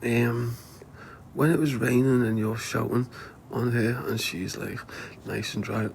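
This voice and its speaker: Liverpool male livestreamer, mid-pitched, loose rambling delivery, heavy swearing, frequent laughter. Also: steady tone, measured pace, vocal fry, a little mellow, a little hiss or hum. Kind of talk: casual livestream chat.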